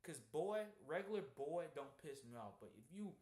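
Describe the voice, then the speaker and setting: A man's voice: fairly high pitch, big pitch swings, normal speed, hardly any pauses, a little mellow. A young man chatting casually on a call and telling stories with heavy slang and swearing. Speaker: trading streamer. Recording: echoey room.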